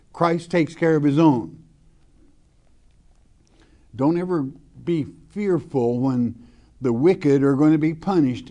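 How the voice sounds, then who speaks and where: Male preacher, mellow and slightly high voice, folksy verse-by-verse sermon, slow stressed scripture reading. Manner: reads scripture slowly with stress, then explains plainly; folksy, asks the listener questions.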